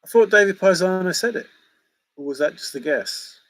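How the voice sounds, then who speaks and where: A man's voice: high voice, animated, moderate pace, a bit bright, poor audio. A middle-aged man hosting a livestream, joking and laughing as he banters with viewers in the chat. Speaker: livestream host answering chat. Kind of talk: casual chat.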